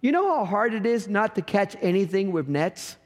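A middle-aged male pastor preaches a sermon in a voice that sits high, swinging widely in pitch at a moderate pace. He tells a humorous story, acting out bits of dialogue, and the recording carries long hall reverb.

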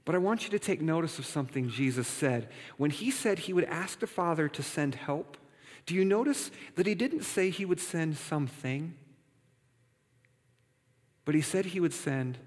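A man's voice: fairly high pitch, expressive, measured pace, pauses often. A male pastor preaching a sermon in a conversational, playful way, often checking in with the congregation. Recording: reverberant hall.

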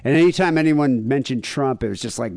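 A man's voice: mid-range voice, a little fast, a little mellow, no echo, clean studio sound. A man co-hosting a podcast in casual comedic chat, rambling with lots of fillers and jokey asides. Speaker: podcast co-host.

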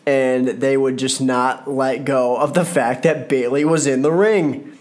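A man's voice: mid-range voice, unhurried, darkish tone. A man giving casual solo commentary on a wrestling show, rambling, joking and correcting himself as he goes. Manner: rambling, self-correcting, jokey.

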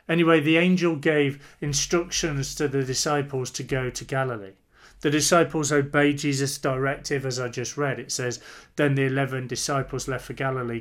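Earnest male preacher, fairly high voice. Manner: earnest, emphatic preaching with repeated phrases. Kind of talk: sermon.

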